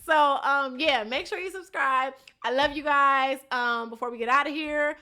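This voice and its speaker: Young woman venting on her vlog, high sharp voice, blunt and slangy, cusses a lot. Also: normal speed. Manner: animated, blunt, swears freely, slangy. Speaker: reality show contestant recapping her episode. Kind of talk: casual vlog recap.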